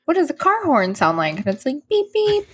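A woman's voice: medium pitch, sing-song, fast talker, fairly bright tone, a little hiss or hum. A woman co-hosting a podcast in casual chat, giggly and gushing, swearing playfully. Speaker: podcast co-host.

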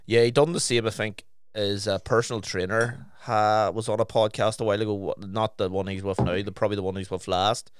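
Guy chatting on a podcast, swears a lot, smooth lowish voice. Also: brisk, hardly any pauses. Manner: blunt, sweary, animated storytelling. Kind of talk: casual chat.

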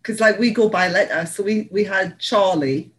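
Heard over a low-quality recording, an English woman from the Northeast co-hosts a relaxed podcast conversation. Her medium-pitched voice moves at a normal speed as she meanders through stories, laughing and using lots of fillers.

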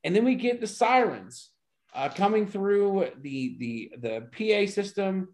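Guy chatting about old wrestling on a podcast, kinda high voice, easygoing. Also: big pitch swings, measured pace. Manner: enthusiastic, laid-back recapping. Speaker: podcast co-host. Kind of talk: casual chat reviewing wrestling.

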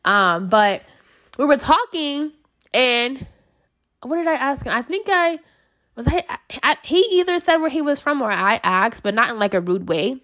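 A woman's voice: high voice, big pitch swings, moderate pace, fairly bright tone. A woman sharing a personal story in a casual, chatty way, full of fillers and self-corrections. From United States. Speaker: speaker sharing personal experience.

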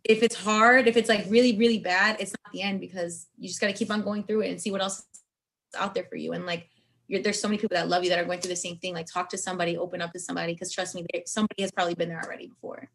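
A woman's voice: on the low side, steady tone, rapid-fire, gravelly, fairly bright tone. A young woman guest on a podcast, talking openly and earnestly in casual chat. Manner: earnest and open, encouraging.

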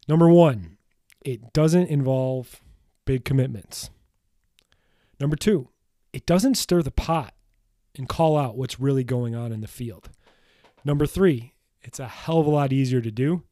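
A man's voice: medium pitch, dark tone, dry recording, clean studio sound. A man hosting a solo podcast, talking bluntly and emphatically in a motivational way, with casual swearing. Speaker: podcast host.

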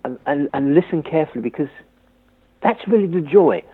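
Calling in as a guest to a radio show, a London man with a London accent chats casually on a tinny phone line with a little hiss or hum. His high-leaning voice is expressive and brisk, and he jokes at his own expense while laughing often.

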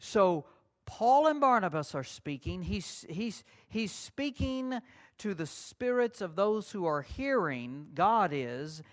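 A man's voice: high voice, big pitch swings, slow. A man preaching a sermon as pastor, folksy and conversational.

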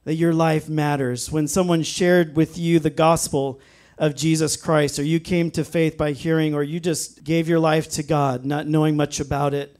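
A man with a slightly higher voice preaches an earnest sermon. He leans hard on key phrases and drops his pace to let them land, then picks up again for lighter asides. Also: a little mellow. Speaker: pastor.

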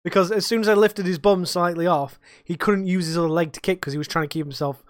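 A man's voice: high voice, fairly even intonation, quick pace, no echo, clean studio sound. A young man co-hosting a podcast, ranting and swearing in casual chat about life as a bartender. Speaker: podcast co-host.

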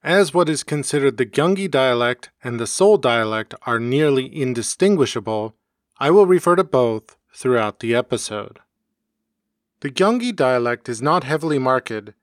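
Male podcast host, mid-pitched, reads his script evenly, close dry home recording. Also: dry recording. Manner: even, read-aloud delivery. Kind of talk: scripted educational narration.

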